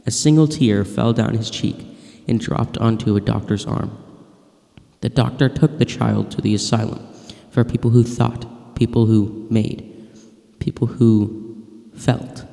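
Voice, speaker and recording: A man reading a dark short story aloud with measured, dramatic pacing. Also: medium pitch, steady tone, creaky. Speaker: narrator. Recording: long reverb.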